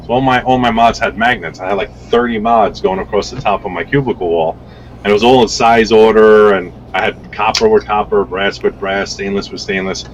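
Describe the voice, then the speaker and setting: A man chatting as a guest on a podcast, his voice sitting somewhat low. He tells stories loosely, with plenty of cursing and restarts. A faint hum of noise sits behind him. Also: a little fast, rough recording. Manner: rambling, profane, repeats himself. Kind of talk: casual storytelling chat.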